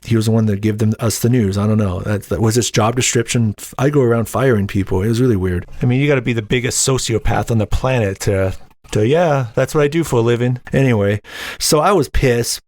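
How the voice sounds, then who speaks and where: A young adult man hosting a podcast, telling a personal story casually and acting out the voices of others with a raised pitch. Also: a little fast, no room sound. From Utah. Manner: animated, acts out quotes in raised voice. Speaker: podcast host.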